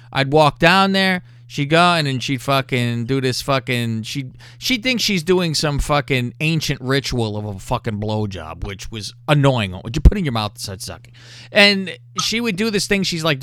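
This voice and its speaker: A man's voice: on the high side, clear, resonant tone, no room sound. A man hosting a podcast, telling crude stories with constant swearing. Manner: profane, animated and full of swearing. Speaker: podcast host. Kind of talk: crude storytelling.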